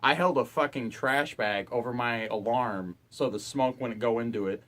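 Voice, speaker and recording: A man's voice: medium pitch, normal speed, a bit bright. A young man and college student ranting to camera in his dorm room, exasperated and profane. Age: young adult. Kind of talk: ranting vlog.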